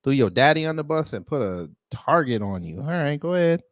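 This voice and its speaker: A man's voice: fairly high pitch, big pitch swings, a little fast, no echo. A man hosting a casual reaction commentary, talking bluntly with exclamations and repeated phrases. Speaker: host commenting on a court hearing.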